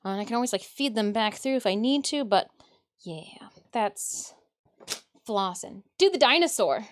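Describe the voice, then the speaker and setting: A woman's voice: medium pitch, moderate pace. A woman from Michigan, a cosplayer streaming as she builds a costume, chatting casually with her viewers, muttering to herself and laughing often. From Michigan, USA. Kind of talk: casual livestream chat while crafting. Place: indoor craft workspace.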